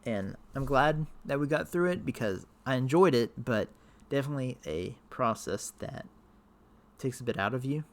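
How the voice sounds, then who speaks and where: Man, casual vlog talk, fry in the voice, tired, many ums and restarts. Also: medium pitch, lively intonation, moderate pace. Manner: rambling, hesitant, many fillers. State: tired, voice wearing out. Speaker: youtuber ranking characters.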